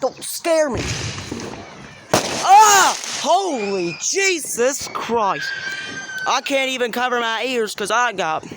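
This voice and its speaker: A man's voice: very high-pitched, animated, takes it slowly. A man vlogging outdoors into a handheld phone, jumpy and exclaiming, with lots of swearing. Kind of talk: casual vlog commentary. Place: outdoors at night during fireworks. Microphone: handheld phone camera. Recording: noisy outdoor phone recording.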